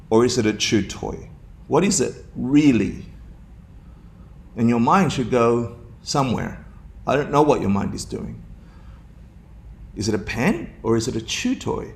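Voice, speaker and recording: Gravelly, playful man teaching a class. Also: medium pitch. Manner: playful, laughs often, asks the class questions. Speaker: dharma teacher. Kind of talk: dharma class talk. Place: class room with students.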